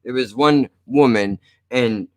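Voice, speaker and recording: A man from South Jersey talks slowly at a medium pitch during a casual live stream. His accent is strong, his manner loose and profane, and he speaks directly to chat.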